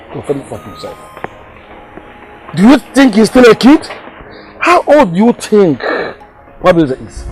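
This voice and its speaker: A fed-up father mocks and complains about his idle son. His high voice is lively, with a Nigerian accent and faint music. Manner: complaining, mocking. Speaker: exasperated father.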